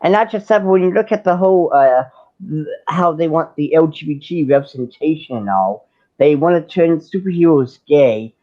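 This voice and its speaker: A man hosting a casual livestream, ranting with heat and sarcasm and stumbling over restarts as he pushes his point. His voice sits a little higher than most men's. The stream audio is dull and muffled. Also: expressive, moderate pace. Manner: heated, sarcastic, with many restarts. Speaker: livestream host.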